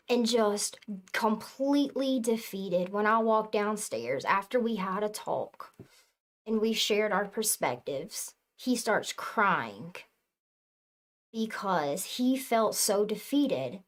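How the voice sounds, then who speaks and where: A woman giving a casual spiritual talk to her viewers, with a somewhat high voice. She speaks slowly and earnestly, leans on her words for emphasis and swears freely. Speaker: spiritual reader.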